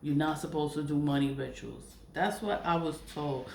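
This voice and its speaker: A woman's voice: deep voice, normal speed, vocal fry, a little mellow, a little hiss or hum. A woman ranting casually to camera, blunt and profane, repeating herself for emphasis. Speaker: vlogger. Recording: echoey room with faint ambience.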